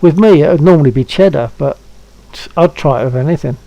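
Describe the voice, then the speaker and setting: A man's voice: on the high side, brisk, vocal fry, dark tone, no room sound, muffled recording. A man in his seventies hosting a stream, chatting casually and coaxing a friend to try something. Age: 70s. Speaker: stream host. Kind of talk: casual chat.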